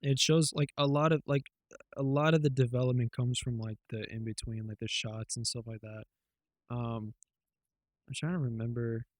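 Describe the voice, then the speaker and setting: This man co-hosts a podcast and retells things casually, rambling loosely with plenty of fillers and swearing. His voice is mid-range with fairly even intonation, at a normal speed and with no echo.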